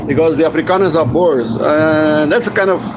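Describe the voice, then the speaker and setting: A man with a somewhat higher voice talks in a loose, meandering vlog monologue. He swears casually and trips over restarts as he goes. Vehicle noise is clearly heard behind his voice. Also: normal speed. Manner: meandering, profane, many restarts. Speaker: vlogger.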